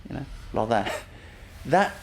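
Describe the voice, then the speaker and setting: A man giving a gentle inspirational talk as a spiritual teacher, often laughing softly and leaning on "you know" as he repeats himself. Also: medium pitch, big pitch swings, a little slow, vocal fry, a little hiss or hum. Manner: repetitive, fills with "you know".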